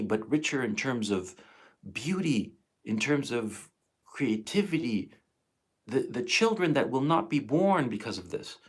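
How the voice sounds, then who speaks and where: A man in his fifties ranting on a live stream, emotional and profane. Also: mid-range voice. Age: 50s. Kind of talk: angry live stream monologue.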